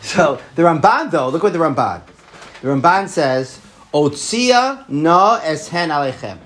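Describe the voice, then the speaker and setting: A man leads a Torah lesson, his voice sitting a little high. He reads Hebrew lines aloud and then unpacks them, repeating words as he works through each idea. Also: a little slow. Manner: animated, repeats words, quotes Hebrew texts. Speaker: Torah teacher.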